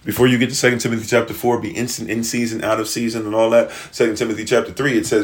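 A man's voice: lowish voice, little pitch movement, very fast, hardly any pauses. A man preaching in a casual, slangy way, retelling a scripture story and acting out its characters.

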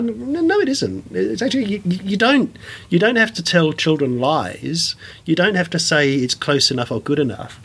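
A man who grew up abroad after being born in England, telling stories with animated enthusiasm and many restarts as an interview guest. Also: on the high side. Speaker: guest, science communicator and performer. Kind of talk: casual storytelling interview.

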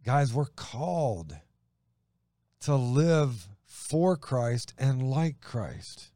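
A man co-hosting a faith show, reading scripture and preaching earnestly, slowing down to stress his points. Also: mid-range voice, big pitch swings, mellow, no room sound, clean studio sound. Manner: earnest, slows down for emphasis.

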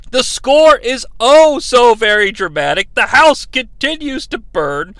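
A sarcastic man tears through a movie recap and jumps into mock voices for the characters. His voice sits high and sounds sharp and bright. The sound is dry and close, with no room around it. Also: sing-song, a little slow, no echo. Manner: sarcastic, acts out characters' lines. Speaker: comedy podcast host.

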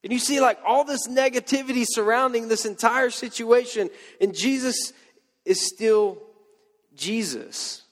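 A man's voice: very high voice, a little slow, in a large hall. A man preaching a sermon in a conversational way, with joking asides and playful quoted voices. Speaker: pastor.

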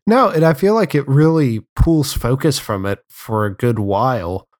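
A man co-hosting a podcast, recapping a film's plot in a relaxed, casual way with fillers and dry remarks. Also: medium pitch, moderate pace. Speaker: podcast co-host. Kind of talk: casual film discussion chat.

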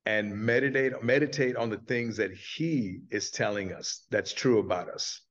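A man guest on a podcast, earnestly telling a story with lively acted quotes in a casual chat. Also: on the low side, normal speed, muffled recording. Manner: earnest, animated storyteller who acts out quotes.

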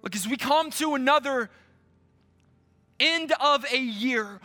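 A male pastor preaching a sermon to his church, slow and emphatic, with dramatic pauses. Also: very high voice, sharp tone.

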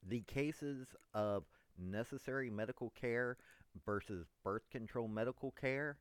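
A man delivering an unscripted political monologue, emphatic, addressing his listeners as ladies and gentlemen. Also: mid-range voice, measured pace, clean tone, dry recording. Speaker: political commentator.

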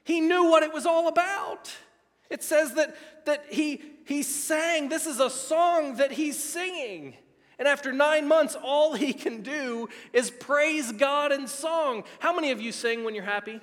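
A middle-aged male pastor preaching a sermon, excitable and emphatic, swinging between near-shouting and hushed tones. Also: very high voice, unhurried, long reverb tail. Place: church sanctuary.

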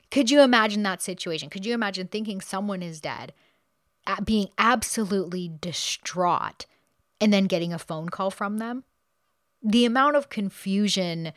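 A woman hosting a podcast, casually retelling a true crime case with quick asides and the odd laugh. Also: fairly low pitch, a bit bright, dry recording, studio quality. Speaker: podcast host.

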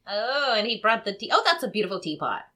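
A woman's voice: medium pitch, big pitch swings, fast, pushed and bright. A woman chatting casually while watching a film, wryly describing what happens on screen. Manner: wry, narrates the on-screen action. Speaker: movie watch-along co-host.

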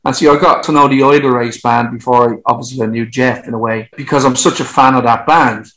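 A man being interviewed about his music career, telling long stories in a lively way, laughing and swearing as he goes. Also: mid-range voice, a little fast, rough recording. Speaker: musician guest. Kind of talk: casual anecdotal storytelling.

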